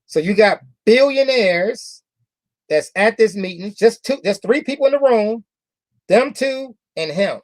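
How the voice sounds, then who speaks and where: A man speaks slowly and deliberately, stretching out key words and repeating lines for effect as he tells a motivational story. His voice is dry and close, with no room echo. He keeps turning to the audience with rhetorical questions. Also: sits high, lively intonation. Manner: repeats phrases for emphasis, drawn-out key words. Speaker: company founder addressing members.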